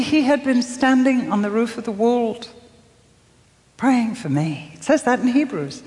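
An older woman giving a sermon, telling her story softly with dramatic pauses and acting out the voices she quotes. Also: fairly high pitch, animated, long reverb tail. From England. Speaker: speaker.

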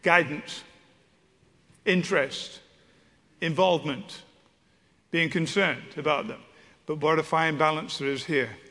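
A man's voice: a little high, a little slow, pauses often, bright, forceful tone. A man preaching a sermon with humor and stories, stumbling over restarts. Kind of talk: sermon with storytelling. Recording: long hall reverb.

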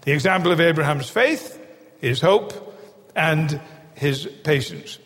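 A man's voice: a little high, expressive, measured pace, a bit bright. A man preaching a sermon, emphatic, repeating key phrases for stress, recorded in a large church hall. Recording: long hall reverb.

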